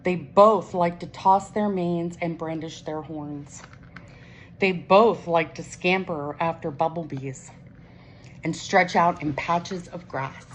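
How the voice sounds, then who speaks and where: A woman reading a children's picture book aloud in a gentle, unhurried way. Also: fairly low pitch, a little hiss or hum, poor audio. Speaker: storybook reader.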